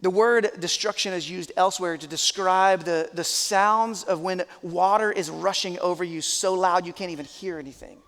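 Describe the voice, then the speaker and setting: A man's voice: sits high, moderate pace, few pauses, fairly bright tone, big-room sound. A man, a pastor, preaching a sermon in an earnest, conversational, emphatic way.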